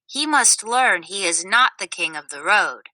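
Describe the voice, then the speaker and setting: A woman doing calm, wise Desert Woman. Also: medium pitch, unhurried, dry recording, rough recording.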